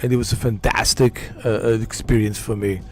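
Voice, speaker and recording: A man putting on a proud aging action star, rambling playfully about himself. The voice sits at an ordinary middle pitch. Soft game music plays faintly behind it. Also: steady tone, a little fast, lightly acted. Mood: playful boasting. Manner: rambling, playful, self-mocking. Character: boastful aging male action-star bodybuilder.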